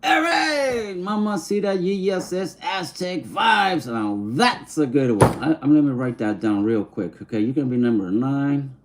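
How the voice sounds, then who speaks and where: A man's voice: mid-range voice, animated. Guy on a livestream, chill, reading comments, switches to spanish slang, a little background hum. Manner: easygoing, mixes English and Spanish slang, sounds out names slowly. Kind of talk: casual live-stream chat, reading viewer comments.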